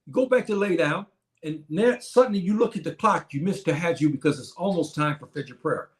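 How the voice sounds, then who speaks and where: A man's voice: a little high, a little fast. A man in his seventies gives an emphatic, repetitive lecture to his community, often addressing the listeners as brothers and sisters. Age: 70s. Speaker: teacher of a class. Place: Morocco.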